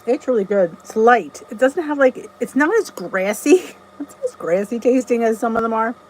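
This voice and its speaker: A woman's voice: a little high, lively intonation, moderate pace, a little mellow, a little hiss or hum, poor audio. A middle-aged woman hosting a casual live stream, chatting and greeting viewers by name, often laughing at herself. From New Jersey. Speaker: channel host.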